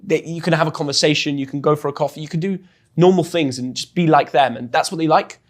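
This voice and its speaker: A young man from England with an English accent, telling a story as a guest in an interview with lively, chatty energy and frequent restarts. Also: on the high side, fast talker. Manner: chatty and animated, often restarts words. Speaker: guest, football influencer.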